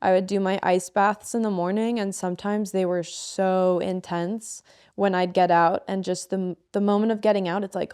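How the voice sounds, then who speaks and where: A woman's voice: mid-range voice, steady tone, moderate pace, a little mellow, smooth. A woman in her twenties, a podcast co-host, frankly and emotionally telling a personal story with a lot of swearing. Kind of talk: candid podcast conversation.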